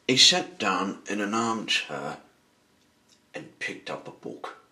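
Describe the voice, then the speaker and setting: A man narrating a children's story, expressive and asking the listener questions along the way. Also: lowish voice, slow.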